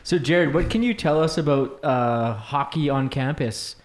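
A man's voice: medium pitch, unhurried. A man co-hosting a podcast, asking questions in a casual, hesitant way with many fillers. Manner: hesitant, lots of you know and uh.

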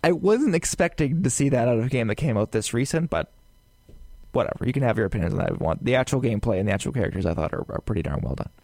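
A man co-hosting a casual gaming podcast, talking in a rambling, animated way with lots of fillers and asides. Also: mid-range voice, rapid-fire, no room sound. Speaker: podcast co-host.

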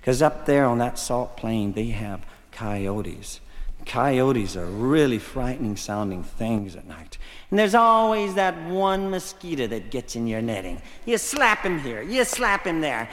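A man's voice: on the high side, fairly bright tone, slight background noise. A man from Texas telling a rambling comic story on a concert stage, folksy and full of asides. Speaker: folk singer and storyteller. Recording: live hall with long reverb, faint music.

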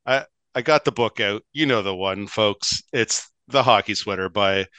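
A man's voice: fairly low pitch, normal speed, sharp tone, clean tone, dry recording. A man, co-hosting a casual hockey podcast in a rambling, chatty way, often laughing. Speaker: podcast co-host.

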